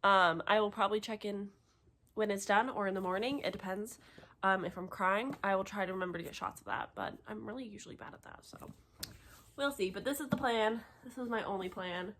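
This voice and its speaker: A young woman in her twenties chatting casually in a reading vlog, excitable and gushing, laughing often and tearful from crying. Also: medium pitch, a little fast, slight background noise. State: tearful, having just cried. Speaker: book vlogger.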